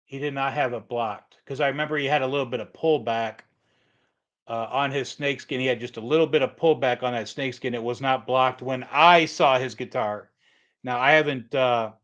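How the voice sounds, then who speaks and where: A man's voice: mid-range voice, a bit bright. Rambling middle-aged man, casual stream talk. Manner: rambling, repeats himself, frequent restarts and "uh". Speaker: livestream host answering chat questions. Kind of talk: casual livestream chat.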